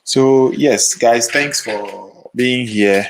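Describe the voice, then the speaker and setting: A man's voice: medium pitch, very slow, vocal fry, rough recording. A man hosting a live photo retouching stream, chatting casually with viewers while sleepy and yawning. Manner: relaxed, sleepy, talks to chat viewers. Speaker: photo retouching livestream host. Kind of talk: casual livestream chat.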